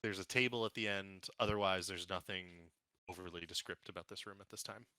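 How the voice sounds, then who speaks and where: Male DM on a voice call, bright and a bit low, dry close mic, rambling scene descriptions. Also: fairly even intonation, brisk, clear, resonant tone, no echo. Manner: loose, chatty descriptions full of fillers. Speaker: dungeon master. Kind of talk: describing scenes and running combat. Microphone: online voice call.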